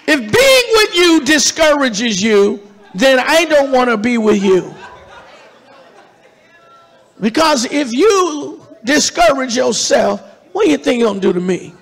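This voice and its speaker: A preacher man with a very high, bright, gravelly voice, delivering his sermon slowly and drawing out his words. He leads call-and-response and swells to shouts. Long hall reverb and a faint congregation sit behind him. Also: big pitch swings, some chatter behind. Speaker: pastor. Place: church sanctuary.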